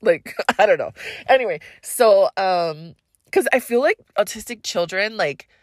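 A woman's voice: medium pitch, expressive, measured pace, no room sound, studio quality. A young adult woman hosting a solo podcast, telling a story in a rambling, loose, profane way. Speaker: podcast host.

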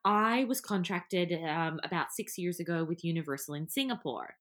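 A woman co-hosting a podcast, chatting casually and bluntly, quick to jump to over-the-top jokes. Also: fairly low pitch, expressive, fairly bright tone. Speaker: podcast co-host. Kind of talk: casual chat.

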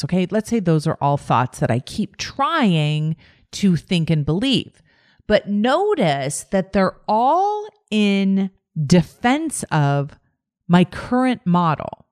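Woman host, low voice with lively swings, slow calm coaching delivery, dry close sound. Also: no echo. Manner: calm, repetitive, emphatic phrasing. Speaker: podcast host and life coach. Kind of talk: solo podcast teaching monologue.

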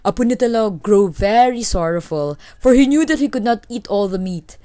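A woman's voice: mid-range voice, moderate pace, dry recording. Woman reading a folk tale aloud. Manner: steady, clear read-aloud. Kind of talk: storytelling narration.

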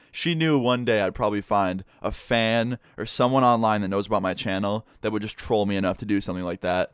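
Young man, storytime vlogger, casual, profane, low voice, dry close sound. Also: clean tone, dry recording. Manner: casual, profane, animated retelling. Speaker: YouTuber. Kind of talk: storytime vlog.

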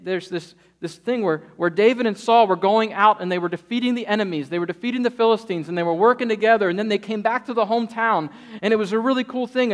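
Guy pastor, fairly high voice, lively sermon, tells stories and does the voices. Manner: lively storytelling, acts out quotes.

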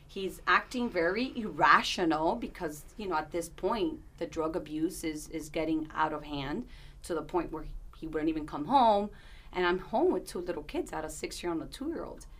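A woman's voice: low voice, normal speed, fairly bright tone. A woman in her thirties, an interview guest, telling a personal story in an earnest, candid way, with restarts and asides.

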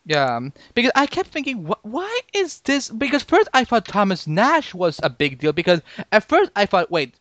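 A man co-hosting a podcast in casual chat, talking excitably with many restarts and jumping up in pitch when he disagrees. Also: moderate pace, few pauses, no echo. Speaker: podcast co-host.

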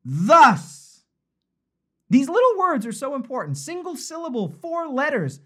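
Lively conversational male pastor. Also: very high voice, brisk. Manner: animated, conversational, repeats key phrases. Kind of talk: live-streamed devotional sermon.

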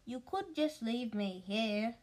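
A woman reading aloud and voicing a quiet, put-upon young boy in a soft, low voice. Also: expressive, takes it slowly. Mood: meek.

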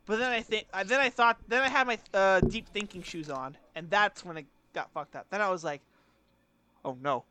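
A man's voice: high voice, brisk, hardly any pauses, pushed and bright, clean tone. A young man co-hosting a casual podcast chat, rambling, crude and self-mocking, laughing through his stories. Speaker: podcast co-host.

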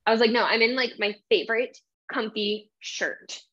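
A tired young woman chatting casually as host, quick and self-deprecating. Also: fairly high pitch, a bit bright. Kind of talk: casual live chat. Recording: dull lo-fi live stream.

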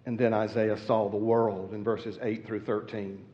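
A man's voice: on the low side, flat delivery, a little slow. Man preaching in an echoing church. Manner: storytelling that builds to loud emphatic peaks. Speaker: guest preacher. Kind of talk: sermon. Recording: long reverb, dull lo-fi sound.

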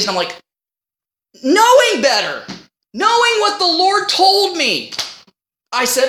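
A man's voice: very high voice, wildly swooping pitch, moderate pace, pauses often, sharp tone. A man preaching a sermon as a minister, telling stories and acting out his own past conversations. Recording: roomy echo.

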